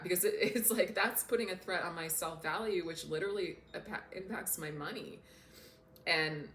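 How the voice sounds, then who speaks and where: Woman, lower voice, earnest and heartfelt, casual to-camera talk, echoey room, faint background hum. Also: normal speed, bright, forceful tone. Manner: earnest, openly emotional. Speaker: self-development coach.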